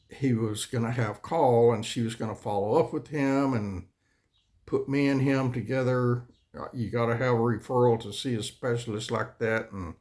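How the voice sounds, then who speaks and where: Man, folksy, rambling, complaining, coughing, mid-pitched voice. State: coughing, clearing throat. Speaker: channel host. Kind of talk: casual rambling monologue.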